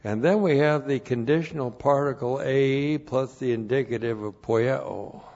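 Slow, deliberate male Bible teacher. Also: medium pitch, a little mellow. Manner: deliberate, repeats each numbered point twice. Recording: dull lo-fi recording.

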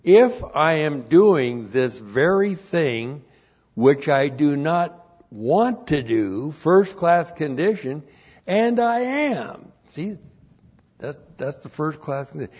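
Slow, deliberate male Bible teacher. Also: fairly high pitch, sing-song, a little mellow, slightly rough. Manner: deliberate, repeats each numbered point twice. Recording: dull lo-fi recording.

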